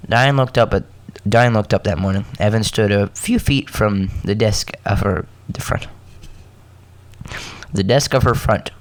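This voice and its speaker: A man hosting a podcast, reading a story aloud with halting restarts and joking asides. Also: on the low side, no room sound. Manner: halting, self-correcting, joking asides between coughs.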